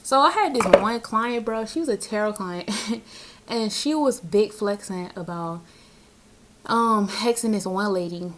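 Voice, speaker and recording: A woman's voice: mid-range voice, measured pace, a little hiss or hum. A young woman, a tarot reader, talking casually and bluntly in a spiritual vlog, with slang and frequent laughs. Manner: blunt, slangy, laughs often between points.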